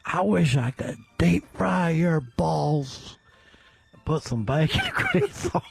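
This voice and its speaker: Man doing a high, swooping southern redneck, crude and goofy, for a comedy radio bit. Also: huge pitch swings, slow, creaky, breathy edge, faint music behind, full character voice. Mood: lovesick. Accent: put-on American Southern. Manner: crude, goofy, sing-song wooing. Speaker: radio show host.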